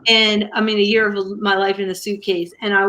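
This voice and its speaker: A woman's voice: medium pitch, little pitch movement, fairly quick, sharp tone. A woman hosting a livestream, chatting casually and telling rambling stories to her viewers with lots of fillers. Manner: chatty storyteller with many fillers. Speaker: livestream crafting host. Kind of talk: casual chat to a live audience.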